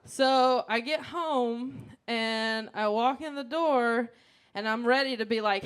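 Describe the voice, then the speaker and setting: A woman with a Southern US accent doing a stand-up comedy set, telling stories with loud acted-out outbursts into a handheld mic on a stage. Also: fairly high pitch, unhurried, smooth. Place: comedy stage before a live audience.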